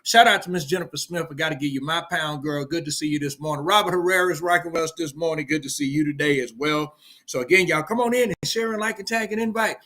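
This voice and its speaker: A middle-aged man, a pastor giving a casual morning sermon on a livestream, greeting viewers by name and swinging from loud shout-outs to hushed storytelling. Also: a little high, fast.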